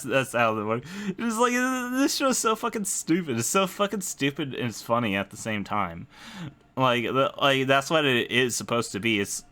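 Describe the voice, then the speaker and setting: A man's voice: medium pitch, bright, forceful tone, clear, resonant tone. A young man hosting a podcast, ranting casually about an anime with lots of swearing and disbelieving laughs. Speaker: podcast host. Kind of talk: casual anime review rant.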